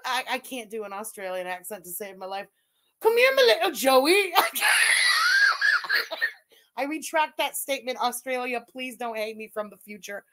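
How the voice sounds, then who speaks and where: A woman's voice: a little high, a bit bright. A woman hosting a livestream with casual commentary, giggling often and talking in a crude, mocking way. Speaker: livestream host.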